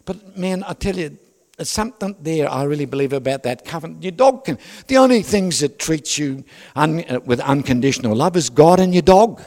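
A man's voice: on the high side, animated, fairly quick, darkish tone, long reverb tail. An older man with an Australian accent, preaching a sermon full of personal stories, jokes and asides to the congregation. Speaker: pastor.

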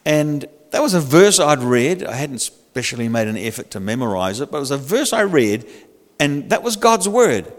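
An older man preaching a sermon in a lively, humorous, conversational way. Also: medium pitch, moderate pace, in a large hall. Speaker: pastor.

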